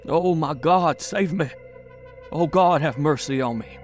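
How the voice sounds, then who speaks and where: A man's voice: on the high side, a little slow, faint music behind, pitched above the performer's own voice, close to an everyday voice. A man voicing a terrified, mortally wounded man who gibbers and sobs as he pleads for help. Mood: panicked pleading. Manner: gibbering, slobbering, yammering.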